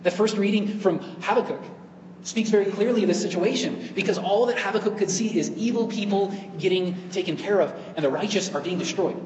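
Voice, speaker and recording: A man's voice: sits high, fairly quick, darkish tone, reverberant, long reverb tail, dull audio. A man preaching a sermon as a priest, in an earnest storytelling way.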